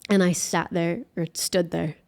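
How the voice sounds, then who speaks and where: A young adult woman, a guest musician, telling a personal faith story in an interview, earnest and emotional, halting with many fillers. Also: lowish voice, fairly even intonation, gravelly, a little mellow.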